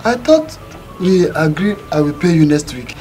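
A man's voice: on the high side, expressive, moderate pace, darkish tone, faint music behind, natural voice. An older man with a Nigerian accent, playing a broke, boastful father who pleads and whines with his creditor. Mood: wheedling. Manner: wheedling, self-pitying, rising to a whine. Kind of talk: Nollywood film acting.

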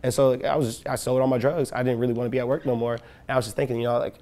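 A young Chicago rapper tells profane, animated stories in a casual interview, acting out the people he quotes. His voice is mid-range and his delivery races along.

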